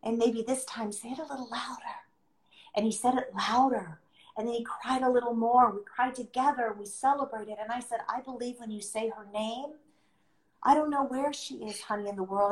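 A middle-aged woman, a podcast guest, talking earnestly and emphatically and repeating her key phrases. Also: a little high. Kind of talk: heartfelt podcast conversation. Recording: echoey room.

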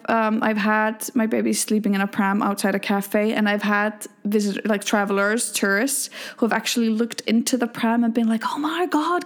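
A woman in her thirties from Iceland with an Icelandic accent, hosting a podcast from home in a chatty, self-deprecating monologue full of fillers. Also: a little high. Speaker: podcast host.

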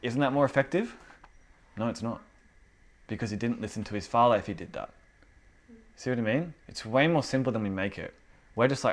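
A man's voice: medium pitch, animated, brisk, pauses often. A man preaching to a small indoor group in a casual, conversational way, acting out the inner voices of his listeners. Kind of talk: casual informal sermon.

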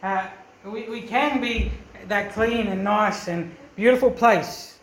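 Earnest preacher in echoey church. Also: male voice, high voice, slow pace, a bit bright. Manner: earnest, emphatic preaching with rhetorical questions. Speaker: pastor. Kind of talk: sermon.

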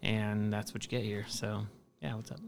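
A man joins as an interview guest and explains his cider-making in a relaxed, easygoing way. His voice sits on the low side with a gravelly, creaky edge. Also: normal speed, a little hiss or hum. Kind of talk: casual interview.

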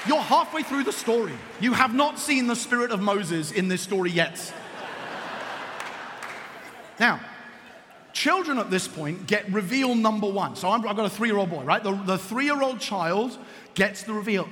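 Animated, high-voiced male preacher. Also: moderate pace, in a large hall. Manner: animated storyteller, emphatic and repetitive. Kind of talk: sermon.

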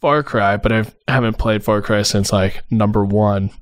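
A man co-hosting a podcast in an animated, somewhat hesitant way, full of fillers, sometimes jumping into high silly voices. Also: moderate pace. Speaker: podcast co-host. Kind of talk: casual chat.

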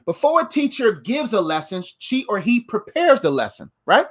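A man giving a casual motivational sermon, animated and playful, repeating phrases and calling the audience fam. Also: high-pitched, normal speed, husky.

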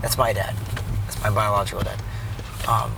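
A man's voice: fairly low pitch, flat delivery, normal speed, creaky, background noise. A man telling a rambling story about his day while driving, speaking earnestly and often restarting his sentences. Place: in a car.

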